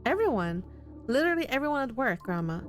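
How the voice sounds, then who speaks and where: A woman's voice: fairly high pitch, sing-song, fast talker, faint music behind. A woman voicing an earnest, worried young man in a visual novel. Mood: upset. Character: earnest, anxious young man in his twenties.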